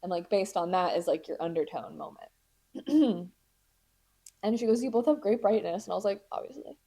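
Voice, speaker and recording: A woman's voice: mid-range voice, lively intonation, moderate pace, warm tone, slightly rough. A woman in her twenties hosting a podcast, telling a story in casual chat with sarcastic, dramatic asides and acted-out voices. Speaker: podcast host.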